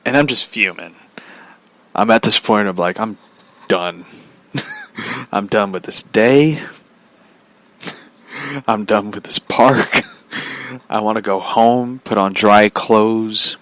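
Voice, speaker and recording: A man's voice: on the low side, takes it slowly, long pauses, fairly bright tone, dry recording. A man telling a comedic story in a profane, exasperated way, laughing often. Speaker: vlogger.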